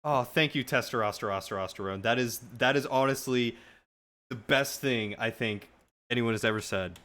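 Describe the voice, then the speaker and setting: A man streamer telling a long story casually to his live chat, animated and rambling with frequent restarts. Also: medium pitch, a little slow.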